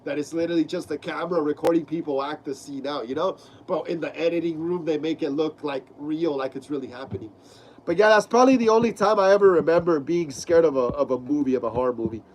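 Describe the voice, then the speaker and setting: A man's voice: on the high side, fast, slight background noise, low-quality recording. Laid-back young man hosting a live stream. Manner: laid-back slangy talk, many fillers. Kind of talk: casual live-stream chat, reading viewer comments.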